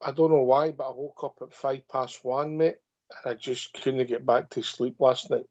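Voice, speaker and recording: A man's voice: medium pitch, steady tone, moderate pace, darkish tone. A Scottish man hosting a fan phone-in, talking bluntly in short punchy sentences with "mate" at every turn. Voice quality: gravelly. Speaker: host of a fan phone-in show. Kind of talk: casual chat. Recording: muffled lo-fi audio.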